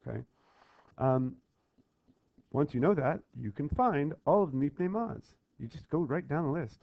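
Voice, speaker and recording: A male teacher talking students through a worksheet on a Talmud text, with lively call-and-response drills and repeated checks for understanding. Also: on the high side, moderate pace, creaky, no room sound. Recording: dull lo-fi voice recording.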